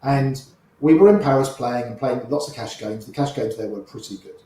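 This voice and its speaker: An older man, an interview guest, telling lively anecdotes and acting out the voices of the people in them. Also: mid-range voice, normal speed, heavy reverb, low-quality recording. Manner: lively raconteur, acts out quoted voices. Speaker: interview guest, poker player. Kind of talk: anecdotal storytelling.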